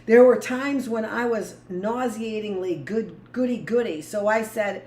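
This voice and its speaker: A woman's voice: medium pitch, unhurried, darkish tone. Middle-aged woman teacher reading to her class, rambling blunt asides, echoey room, bit of hiss. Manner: rambling, blunt asides between read passages. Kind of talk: live book reading with commentary. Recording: echoey room with faint noise.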